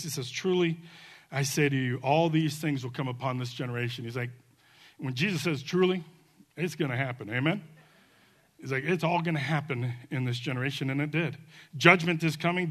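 A man preaching a sermon as pastor, fiery and emphatic, building to near shouts and then dropping soft and low. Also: brisk.

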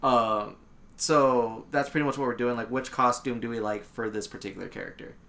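Leading a podcast segment, a man hosts a casual chat among friends and rambles through his explanations, relaxed and full of fillers. His gravelly voice is mid-range and a little fast.

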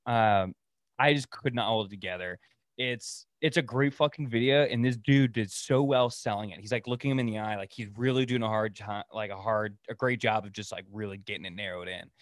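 A man's voice: fairly low pitch, a little fast, no echo, clean studio sound. A young man from Oregon hosting a solo podcast, ranting in a profane, rambling way and laughing at his own stories. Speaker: podcast host. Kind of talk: casual solo rant.

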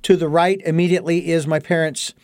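A man with a fairly high voice hosts an interview. He speaks slowly and reflectively, sometimes hesitating, and the sound is dry and close. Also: flat delivery, a little mellow, dry recording. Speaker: interview host. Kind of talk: conversational interview questions.

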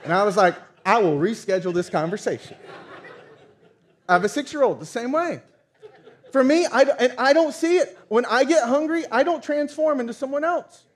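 A man in his thirties preaching a sermon, telling stories with lively acted-out dialogue. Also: very high-pitched, normal speed. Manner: animated storytelling, acts out quoted dialogue. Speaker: pastor.

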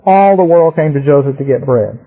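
A man's voice: on the high side, animated, fairly quick, breathy edge, phone-quality sound. A man preaching a sermon that teaches on scripture, emphatic and rhythmic, with repeated words for stress.

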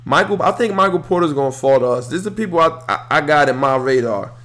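A man's voice: a little high, fast talker. A young man hosting a podcast, talking solo about sports in a loose, heated, profane way. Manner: animated, swears freely, heated rants. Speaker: podcast host. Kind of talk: casual solo sports talk.

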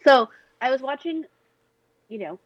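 A woman's voice: high-pitched, lively intonation, measured pace, no echo. A woman telling a rambling story in casual chat, full of "like" and "you know" as she talks. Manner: rambling storyteller, says "like" a lot. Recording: dull dry recording.

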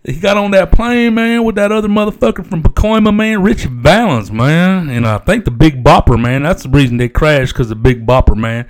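A man's voice: a little high, brisk, few pauses, lightly acted. A man voicing a rambling, foul-mouthed stoner from Amarillo, hosting in character and tacking "man" onto nearly every phrase. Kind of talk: improvised comedic character monologue.

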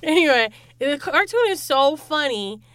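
A young woman chatting casually as a podcast co-host, lively and acting out quotes. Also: high-pitched, normal speed, a crowd in the background. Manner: animated, acts out quotes in loud voices. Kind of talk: casual chat.

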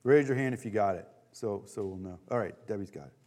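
A man leading a Bible study, teaching in a casual, animated way with many fillers. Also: lowish voice, fast, in a large hall.

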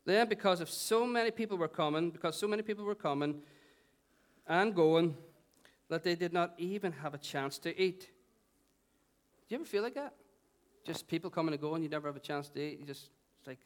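A Northern Irish man preaching in church, his voice pitched high for a man. He keeps the sermon light, teasing his listeners between passages of scripture. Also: quick pace. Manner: playful, joking with the congregation. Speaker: pastor. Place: church hall.

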